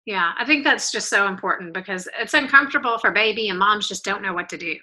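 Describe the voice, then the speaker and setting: A woman hosts a podcast, talking in a casual, agreeable way. Her voice is very bright and sharp, and her pitch sits in the middle of the range. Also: quick pace. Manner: agreeable, chatty interviewer. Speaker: podcast host.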